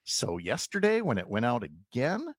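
A man hosting a casual morning radio talk show, relaxed and chatty with easy self-deprecating humor. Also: mid-range voice, moderate pace, no echo, clean studio sound.

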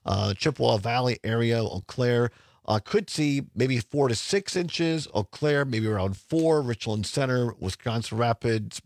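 A man's voice: mid-range voice, vocal fry, a little mellow, no echo, clean studio sound. An older man hosting a radio talk show, chatting casually with many restarts and stammers. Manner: rambling, frequent restarts and stammers. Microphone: studio microphone.

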